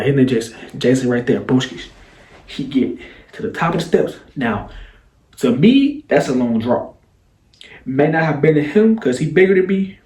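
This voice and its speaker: A young man casually retelling a childhood story, animated and slangy, dropping sound effects as he goes. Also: medium pitch, reverberant.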